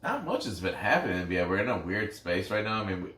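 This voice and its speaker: Deep-voiced man, echoey podcast room. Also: sing-song, fast, fairly bright tone. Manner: loose and profane, many ums and restarts. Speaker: podcast co-host. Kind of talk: casual sports chat. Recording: roomy echo, a bit far from the mic.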